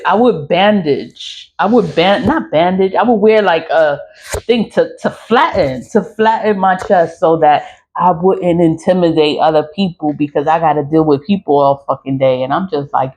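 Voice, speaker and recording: A woman in her forties rants frankly to her phone camera in a casual vlog, swearing and laughing often. This online creator has a fairly low-pitched, slightly mellow voice.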